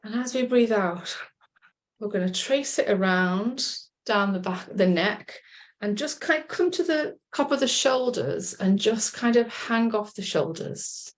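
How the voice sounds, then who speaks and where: A woman coach leading a group session over a video call, guiding a relaxation exercise in a gentle, encouraging, chatty way. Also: medium pitch, lively intonation, measured pace. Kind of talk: guided relaxation instruction.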